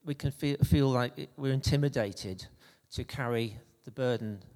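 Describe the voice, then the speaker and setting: Mellow-voiced man preaching in a reverberant hall. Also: mid-range voice. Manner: conversational, halting with restarts. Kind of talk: anecdotal sermon.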